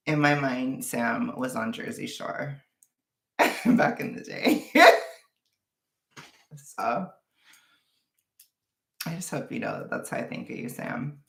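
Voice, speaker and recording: Slow, gravelly Californian woman vlogging. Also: extremely low pitch, wildly swooping pitch, a bit bright, echoey room. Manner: rambling, sighing and laughing, frank and frustrated. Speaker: vlogger chatting with a live audience. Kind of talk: casual livestream chat.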